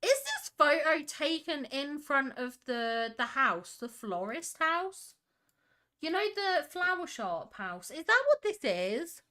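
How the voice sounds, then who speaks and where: A woman's voice: high voice, very animated, takes it slowly, sharp tone. A young woman hosting a casual livestream, reading chat and gushing over screenshots with frequent giggles. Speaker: livestream host.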